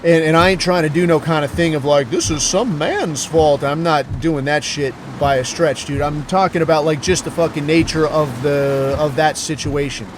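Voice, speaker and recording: A man's voice: fairly high pitch, steady tone, normal speed, few pauses. Blunt, profane man with street noise. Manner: blunt, heavy swearing, self-questioning. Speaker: podcast host. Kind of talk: profane casual monologue.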